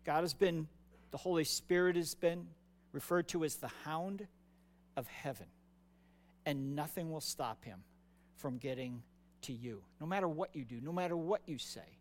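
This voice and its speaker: A man's voice: on the high side, normal speed. A man preaching a sermon as pastor, conversational and emphatic, often repeating words for stress.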